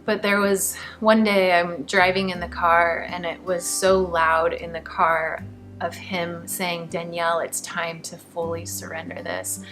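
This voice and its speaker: A middle-aged woman earnestly telling her personal faith testimony, emotional at times and laughing softly between thoughts. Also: lowish voice, little pitch movement, unhurried. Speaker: guest sharing a faith testimony. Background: background music.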